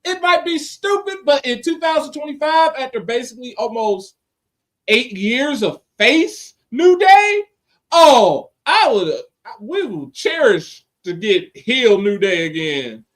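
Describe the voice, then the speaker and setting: Animated high-voiced man chatting wrestling. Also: slow pace. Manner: animated, slangy, acts out quotes. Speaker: podcast co-host. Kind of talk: casual wrestling chat.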